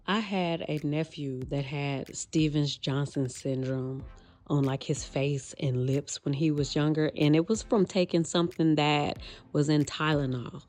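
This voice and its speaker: A woman's voice: low voice, a little mellow. A woman hosting a casual reaction commentary, speaking directly to her viewers in an informal, warning tone. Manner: direct, addresses viewers as y'all. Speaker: commentary host.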